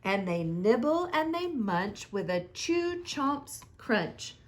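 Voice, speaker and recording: A woman teacher reading a children's picture book aloud, with slow, expressive sing-song storytelling. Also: fairly high pitch.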